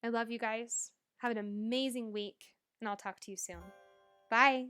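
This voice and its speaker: A woman's voice: fairly high pitch, steady tone, moderate pace, sharp tone, clear, resonant tone, faint music behind. Earnest woman podcaster, motivational. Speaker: podcast host and life coach. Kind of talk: solo podcast monologue.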